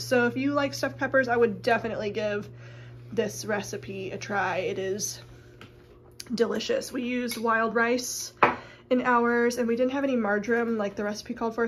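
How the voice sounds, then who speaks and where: A woman vlogger chatting casually at home in her kitchen, her voice nasal and stuffy from a cold, relaxed and peppered with fillers. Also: on the high side. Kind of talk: casual chat.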